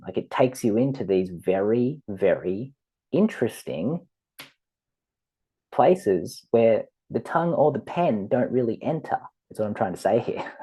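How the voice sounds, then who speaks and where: A man talks through a spiritual teaching in a relaxed, rambling way. His voice sits low and mellow. He breaks into little acted-out voices and laughs along the way. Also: husky. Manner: rambling, animated, acts out quoted voices, laughs often. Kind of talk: casual teaching talk.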